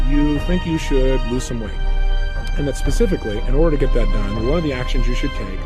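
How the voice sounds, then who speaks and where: A man coaching listeners through a self-help program, giving emphatic step-by-step instructions. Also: on the high side. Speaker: motivational coach. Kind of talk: recorded self-help seminar.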